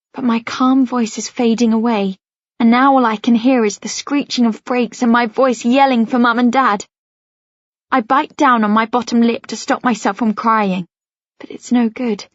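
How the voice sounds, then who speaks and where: A woman's voice: a little high, no echo. A woman narrating a first-person novel as an audiobook, reading expressively and anxiously. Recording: dry, slightly dull studio sound.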